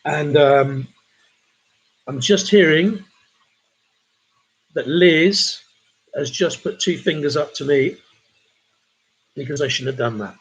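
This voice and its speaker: A man with a husky, slightly rough voice hosts a charity pub quiz over a livestream. He chats easily and reads viewers' messages aloud between questions. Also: fairly high pitch, takes it slowly, long pauses, low-quality recording. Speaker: quiz host.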